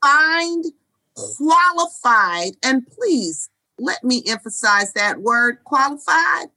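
Earnest woman cohost, talks slow, bright voice, punches key words. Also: fairly high pitch, animated, low-quality recording. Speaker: co-host. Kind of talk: casual chat.

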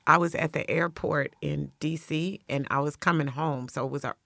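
A woman's voice: low voice, normal speed, vocal fry, no echo, studio quality. A woman co-hosting a casual talk show, telling a story with dramatic flair. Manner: animated, dramatic storyteller with loud acted outbursts. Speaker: podcast co-host.

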